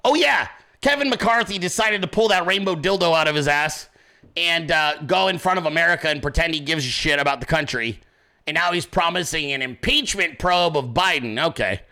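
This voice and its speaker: A furious male commentator who hosts his own show and tears into his targets with profanity and sarcasm. His voice is high and cutting, and the delivery sounds forceful and tense. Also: expressive, brisk. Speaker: host of a political commentary show. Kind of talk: profane political rant.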